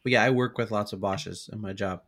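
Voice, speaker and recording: A man's voice: lowish voice, fairly even intonation, a little fast, fairly bright tone. A man on a casual podcast who throws in dry, teasing one-liners. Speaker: podcast co-host. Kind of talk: casual chat.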